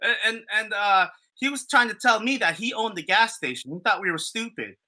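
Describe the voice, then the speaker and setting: A man chatting on a podcast, spinning a story in loose, rambling fashion. His voice is very bright, and he swears freely and leans on fillers and restarts. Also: high voice, expressive, brisk. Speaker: podcast co-host. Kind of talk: casual storytelling chat.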